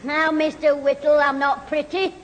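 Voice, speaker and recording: A man's voice: very high voice, little pitch movement, normal speed. A man playing a cocky, wisecracking young schoolboy in a 1970s radio comedy. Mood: cheeky. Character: cheeky mischievous young schoolboy. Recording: old radio recording, loud hiss, hall reverb.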